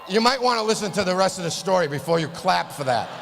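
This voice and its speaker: A stand-up comedian from East Boston rants through his set, expressive, fast, and exasperated, with plenty of profanity. His high voice is bright yet gravelly, and shouted punchlines echo through a live hall's long reverb, with faint room noise and some chatter in the background.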